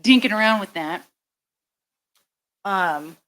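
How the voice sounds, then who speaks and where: A woman's voice: mid-range voice, lively intonation, slow, fairly bright tone, dry recording. A woman hosting a casual livestream chat, rambling and swearing offhandedly as she talks into a handheld karaoke microphone. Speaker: livestream host.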